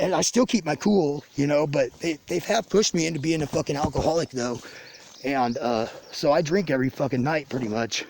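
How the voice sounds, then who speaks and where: Tipsy man, gravelly raised voice, rambling profane rant to camera. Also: a little high, a little mellow. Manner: swearing constantly, rambling and angry. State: drinking, tipsy. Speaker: vlogger ranting to his channel. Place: outdoors in the country near a garage.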